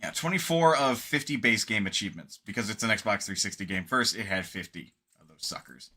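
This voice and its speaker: A man's voice: on the low side, lively intonation, brisk, pushed and bright, slight background noise. A man streaming games, wrapping up in casual rambling chat, tired and yawning late at night. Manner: rambling, laid-back, sleepy.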